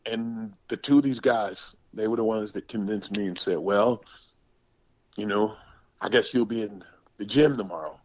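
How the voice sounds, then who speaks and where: A man in his sixties from the United States, a former pro football player telling stories in a podcast interview, animated and emphatic, often repeating words. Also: on the low side, normal speed, dry recording, lo-fi sound. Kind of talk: storytelling interview.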